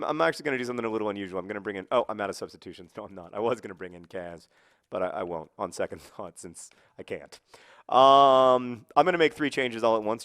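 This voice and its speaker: A man giving casual, rambling commentary while playing a football video game, with wry, mock-outraged asides. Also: mid-range voice. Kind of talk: casual let's-play commentary.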